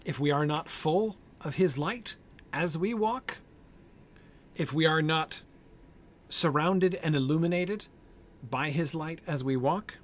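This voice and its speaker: A man with a slightly high voice speaks slowly and pauses often as he leads an informal Bible study discussion. Thinking aloud, he uses many fillers and "right?" checks, and he answers group members by name.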